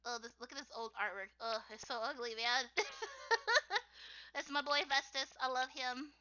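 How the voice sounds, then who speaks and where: A young woman with a squeaky voice chatting casually on a livestream while she draws, rambling with lots of "like" and frequent laughter. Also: unhurried, sharp tone, muffled recording. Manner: rambling, full of "like", laughs often. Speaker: artist streaming her drawing work.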